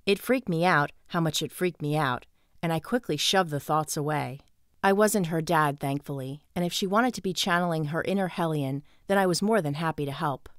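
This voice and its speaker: A woman with a low voice reads an audiobook in first person, with even, steady storytelling. The sound is dry and close. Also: moderate pace, dry recording. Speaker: audiobook narrator. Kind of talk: scripted first-person narration.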